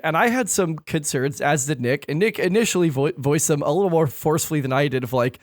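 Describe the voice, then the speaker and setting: Wry, measured male podcast co-host. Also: on the high side, dry recording, studio quality. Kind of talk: casual chat.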